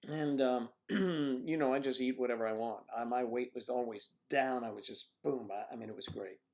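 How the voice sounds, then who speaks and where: Gravelly older man telling rambling stories. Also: mid-range voice, normal speed, darkish tone. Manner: rambling anecdotes with frequent restarts and throat clearing. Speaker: livestream host. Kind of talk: casual chat reading viewer comments. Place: home livestream setup.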